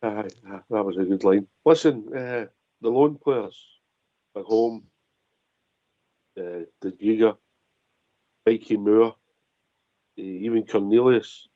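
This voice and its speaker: A man's voice: lowish voice, slow, long pauses, warm tone, no echo, highs cut off. A Scottish man hosting a football phone-in, chatting casually and passing to callers. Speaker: host.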